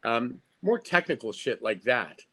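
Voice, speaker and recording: A man's voice: mid-range voice, very animated, a little slow, fairly bright tone, slightly rough. A middle-aged man from Canada, a guest actor in a casual podcast interview, talking frankly with many stammering restarts.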